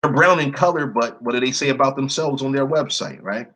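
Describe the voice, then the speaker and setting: A man hosting an online video, slowly reading long word lists off his screen and breaking in with blunt, indignant remarks. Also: medium pitch, fairly bright tone. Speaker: video host. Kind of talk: screen-share commentary reading from a list.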